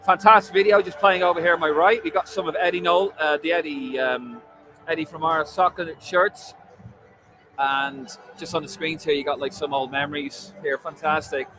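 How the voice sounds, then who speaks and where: A man's voice: a little high, fairly even intonation, moderate pace, over music, low-quality recording. An Irish man hosting a live football fan stream from a stadium, chatting and bantering with viewers' comments. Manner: chatty, jokey banter, frequent fillers. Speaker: football fan livestream host. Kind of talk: casual live chat reading viewer comments.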